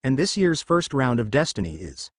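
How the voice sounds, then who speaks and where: A man's voice: mid-range voice, very animated, normal speed, no room sound, clean studio sound. A man voicing a flamboyant, teasing adult female hero who referees a school tournament in a fan-fiction reading.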